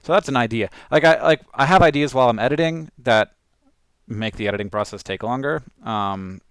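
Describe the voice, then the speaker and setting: A man's voice: mid-range voice, brisk, fairly bright tone, clean tone, no echo. A man casually talking through his own video edit, rambling with lots of fillers and restarts. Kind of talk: casual talk-through while editing.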